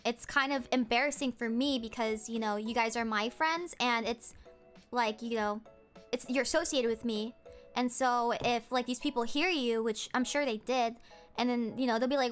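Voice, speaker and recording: A woman's voice: a little high, normal speed, a bit bright, faint music behind. A young woman streamer casually ranting to her chat, rambling with lots of fillers and quoting what others said.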